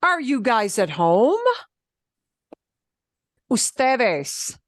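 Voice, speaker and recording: A woman teaching a beginner Spanish class, explaining step by step in an animated way and laughing often. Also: fairly high pitch, drawn-out words, dry recording, studio quality. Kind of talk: beginner language lesson.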